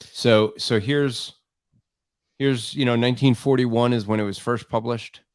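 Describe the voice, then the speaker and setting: A man hosting a casual online panel, speaking haltingly and repeating words as he thinks. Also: medium pitch, steady tone, smooth, dry recording.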